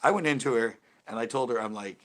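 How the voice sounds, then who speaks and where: A man's voice: medium pitch, fast talker, fairly bright tone. A man hosting a casual video chat, telling a rambling story with many restarts and self-corrections. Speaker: channel host talking to live chat. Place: home porch.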